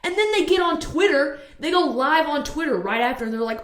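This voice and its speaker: A woman's voice: sits high, expressive, quick pace, hardly any pauses, fairly bright tone, slight background noise. Heated woman ranting in a roomy space. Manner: heated, swearing rant. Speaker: TV review vlogger. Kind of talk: casual vlog review.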